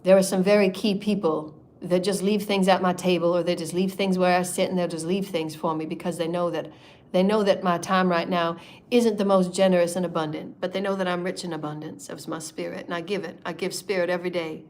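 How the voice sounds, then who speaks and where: A woman leading a spiritual meditation in a sermon style, impassioned and repetitive, moving between soft murmurs and loud declarations. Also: lowish voice, fairly even intonation, fairly quick. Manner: repetitive, chant-like phrasing. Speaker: spiritual channeler.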